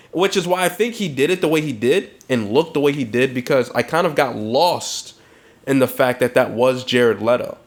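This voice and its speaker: A man co-hosting a podcast in a loose, casual way. His voice sits at an ordinary middle pitch, and he swears freely as he talks. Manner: loose, profane, animated film talk. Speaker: podcast co-host. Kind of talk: casual chat.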